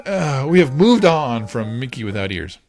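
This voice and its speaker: A man's voice: medium pitch, soft background music. A man hosting a podcast, animatedly retelling a cartoon episode to his child and laughing often. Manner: animated, laughs often, quick voice swings for quoted characters. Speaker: podcast host.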